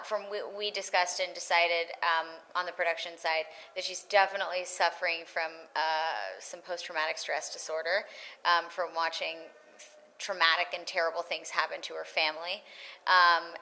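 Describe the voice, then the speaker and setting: A woman's voice: on the low side, rough recording. A woman in her thirties, a voice actress chatting casually in an interview and acting out quoted lines. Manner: animated, acts out quoted lines. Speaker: voice actress guest.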